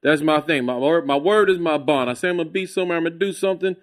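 A man's voice: on the high side, racing. A male comedian guesting on a casual podcast chat, brash and profane, teasing the host.

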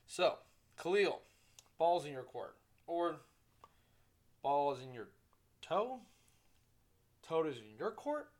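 A young man hosting his own casual sports podcast, rambling, correcting himself and swearing freely. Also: medium pitch. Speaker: solo podcast host.

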